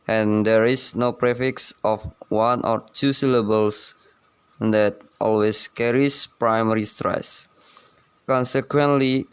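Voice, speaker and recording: A young man student reading a class presentation in a slow, measured way from his notes. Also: fairly low pitch, clear, resonant tone.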